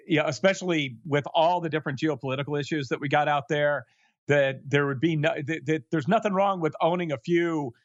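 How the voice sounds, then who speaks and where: A man's voice: on the high side, a bit bright, dry recording. Man on a dull, dry remote line. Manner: rambling, self-deprecating humor, many restarts. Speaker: guest expert. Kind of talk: casual interview chat.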